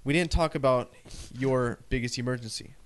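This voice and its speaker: A young man co-hosting a casual podcast, rambling with many "like" fillers. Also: mid-range voice. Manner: halting, lots of "like" fillers. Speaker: podcast co-host. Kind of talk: casual chat.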